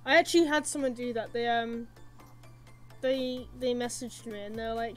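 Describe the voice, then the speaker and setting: A young woman hosting a live drawing stream, chatting quietly and a bit apologetically as she works. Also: fairly high pitch, steady tone, moderate pace, faint music behind. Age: young adult. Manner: quiet, soft-spoken, apologetic. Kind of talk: casual chat.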